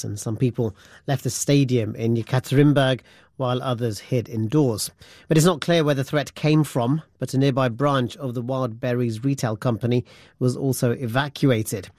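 A man's voice: medium pitch, no room sound. A man presenting radio news from a studio, reading formally and asking a reporter questions.

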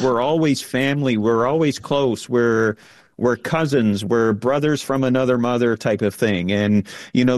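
A middle-aged man answers as a guest in an interview, speaking earnestly with frequent fillers. His voice sits at a medium pitch. The recording is dry, with no room sound. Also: no echo. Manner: earnest, uses filler words. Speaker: panel guest. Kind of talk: casual remote interview.

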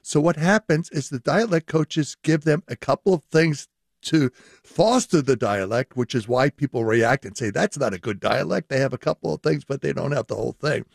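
A man's voice: mid-range voice, moderate pace, gravelly, dry recording, studio quality. An older man, a linguistics professor, explaining at length in a radio interview and laughing often.

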